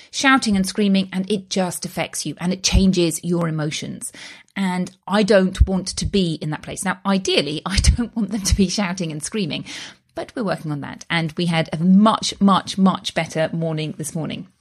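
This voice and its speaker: A woman's voice: on the low side, moderate pace. Woman in her thirties, host of a motivational talk, earnest and reassuring, conversational delivery.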